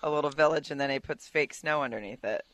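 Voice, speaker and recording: A man's voice: medium pitch, fast, a bit bright. A man from Arkansas with a light Southern accent, chatting and teasing his friends on a podcast. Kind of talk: casual chat.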